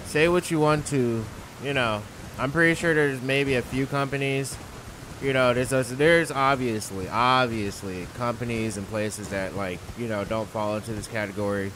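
A man's voice: medium pitch, fairly even intonation, normal speed, a bit bright, slight background noise. A young man talks over his gameplay in a loose, rambling rant, his mid-range voice growing heated as he swears freely. He sounds like a gaming video creator venting to his viewers. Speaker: gaming YouTuber. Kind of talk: casual ranting commentary over gameplay.

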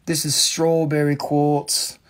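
A man's voice: a little high, monotone, slow pace. A man hosting a live-stream rock and mineral sale, talking casually into a handheld phone, joking, teasing viewers and swearing freely.

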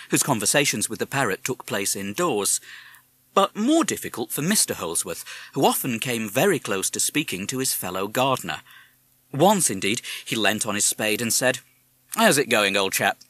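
A man reading a storybook aloud with measured, expressive narration. His pitch moves in a lively way, and his voice is bright and clear. It is recorded close up and dry. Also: no echo. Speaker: audiobook narrator.

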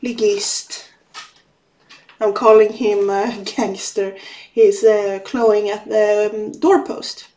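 A woman's voice: medium pitch, steady tone, slow, warm tone. A woman chatting casually while crafting at home, sniffling from a runny nose and often apologizing. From Sweden. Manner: chatty, apologetic, easily sidetracked. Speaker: vlogger. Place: at home, indoors.

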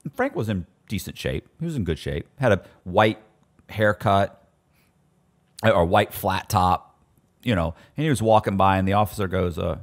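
This storyteller guest has a low-sitting voice and speaks fairly quickly. He casually recounts prison stories in an animated way, performing the voices of the people he quotes.

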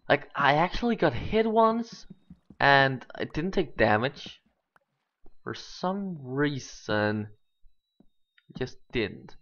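On a dull lo-fi home mic, a gaming channel host does let's play commentary, thinking aloud and breaking into excited exclamations. His voice sits at medium pitch, and he speaks slowly with long pauses.

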